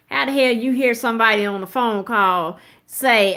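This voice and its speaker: A woman in her thirties runs live commentary at normal speed with hardly any pauses, her fairly high voice sounding pushed and bright. She is blunt, emphatic and profane, and chats casually with her viewers as she addresses them directly.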